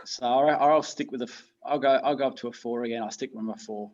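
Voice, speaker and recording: British guest, chatty and self-deprecating, mid-pitch male voice, slightly muffled lo-fi recording. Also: fairly even intonation, fast, a little mellow. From United Kingdom. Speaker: guest teacher. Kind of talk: casual podcast chat.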